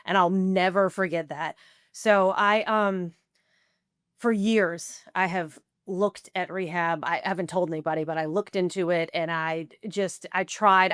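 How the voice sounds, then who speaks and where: A woman's voice: on the low side, a bit bright, smooth, no room sound, clean studio sound. A woman in her forties, a podcast guest, telling a candid personal recovery story in a conversational way, full of "like" and quoted self-talk.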